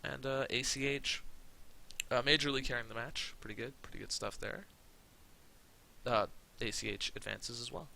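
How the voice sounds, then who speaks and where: A man's voice: mid-range voice, normal speed, vocal fry, long pauses, pushed and bright, poor audio. A man giving rambling, sarcastic commentary on his wrestling management game, swearing casually. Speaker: let's play commentator.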